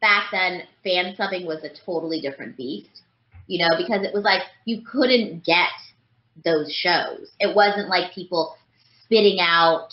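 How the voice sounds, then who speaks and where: A voice actress chats as a guest in a casual interview, rambling with lots of fillers. Her voice is lowish and a little slow, and the recording sounds roomy, dull and lo-fi.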